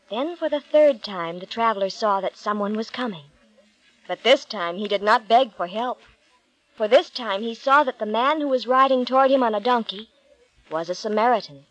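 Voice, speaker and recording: A woman narrating a Bible story with clear, measured storytelling. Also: a little high, no echo, rough recording.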